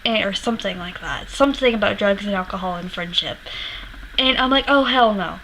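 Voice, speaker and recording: A woman's voice: mid-range voice, a little fast, bright, forceful tone, a little hiss or hum, poor audio. A young woman telling a concert story in a casual vlog, candid and rambling, swearing freely and laughing often. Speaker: music vlogger.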